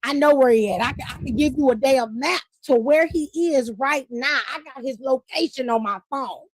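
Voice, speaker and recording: A woman with a high, bright voice hosts a casual live stream, recapping wrestling. She talks in an animated, profane way and laughs often. The sound is dry and close. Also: moderate pace, dry recording. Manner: animated, profane, laughing, reads chat aloud.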